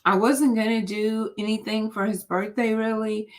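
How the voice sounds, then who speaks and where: A woman's voice: fairly high pitch, little pitch movement, normal speed. A woman in her forties hosting a casual live stream, rambling and thinking aloud with plenty of fillers, recorded on a computer mic. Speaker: livestream host. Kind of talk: casual livestream chat.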